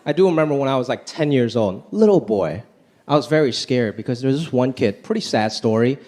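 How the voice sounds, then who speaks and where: A man's voice: mid-range voice, lively intonation, a little fast, darkish tone. A man performing a stand-up comedy set on a live stage, talking with animation and putting on quoted voices. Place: live stage before a laughing audience. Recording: live show with crowd and faint noise.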